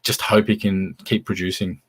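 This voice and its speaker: A man's voice: low voice, flat delivery, moderate pace, husky. An Australian man co-hosting a casual football podcast, easygoing and hesitant, with many fillers. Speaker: podcast co-host. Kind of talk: casual footy chat.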